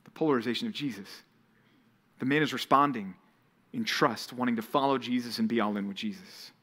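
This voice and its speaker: A male pastor preaching a sermon to a college ministry, retelling Bible scenes with animated storytelling. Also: medium pitch, a little fast, slightly rough.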